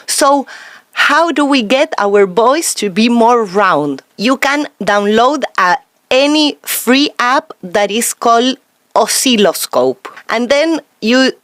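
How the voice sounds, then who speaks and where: Female guest, slightly high voice, very slow and deliberate, dry sound. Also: dry recording. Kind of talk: interview conversation.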